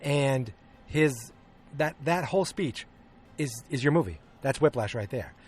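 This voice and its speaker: A man's voice: mid-range voice, expressive, unhurried, husky. Rambling man recapping a movie. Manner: rambling, hesitant, many ums and restarts; acts out quoted lines. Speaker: podcast host.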